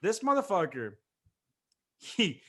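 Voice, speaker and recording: A man's voice: high voice, huge pitch swings, slow, fairly bright tone. A young man co-hosting a podcast, bantering casually, swearing and calling people bro and dude. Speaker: podcast co-host.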